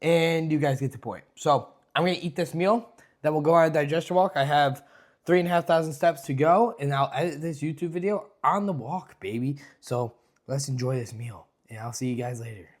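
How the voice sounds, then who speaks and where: A man's voice: on the high side, brisk. A young man talking casually to the camera in a fitness vlog, loose and jokey, swearing often and calling his viewers "boys". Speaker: fitness vlogger.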